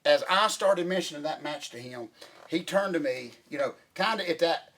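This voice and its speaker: A middle-aged man hosting casual chat, excitable and rambling with many restarts. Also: a little high, moderate pace. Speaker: podcast host.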